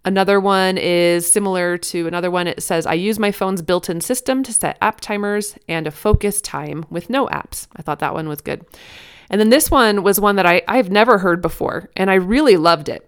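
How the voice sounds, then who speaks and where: Earnest, smooth-voiced woman giving parenting advice. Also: medium pitch, normal speed. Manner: earnest, chatty, many restarts and fillers. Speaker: parenting podcast host. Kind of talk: casual advice talk.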